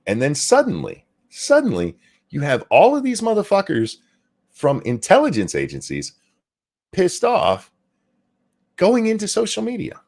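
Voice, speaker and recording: Animated, fast-talking sarcastic male host. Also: high-pitched. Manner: animated, swearing, sarcastic rants. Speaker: show host. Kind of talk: casual political commentary chat.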